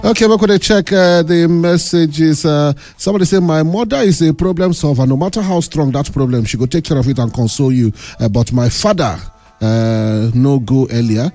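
A man's voice: fairly high pitch, warm tone, soft background music. A man with a Nigerian accent hosting a radio call-in show, chatting with callers and reading out listener messages. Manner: chatty, laughing, drawn-out fillers while reading. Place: radio studio.

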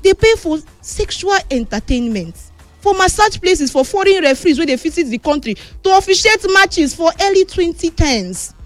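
A woman with a Nigerian Pidgin accent presenting a chatty sports news roundup, moving between excited and somber tones. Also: extremely high pitch, normal speed, dry recording, soft background music. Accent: Nigerian Pidgin English.

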